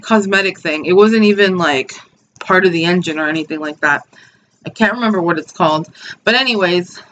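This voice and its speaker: A woman's voice: medium pitch, fairly bright tone, a little hiss or hum. A woman, telling a story in a casual vlog, blunt and swearing freely, with lots of "like" and "dude". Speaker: vlogger.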